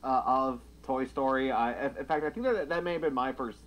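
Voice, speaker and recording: A man's voice: mid-range voice, moderate pace, fairly bright tone. Dry, questioning man in casual chat.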